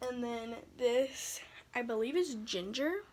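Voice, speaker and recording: Chatty excitable young woman vlogger. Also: on the high side, takes it slowly. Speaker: book vlogger. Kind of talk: casual chat. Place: home room.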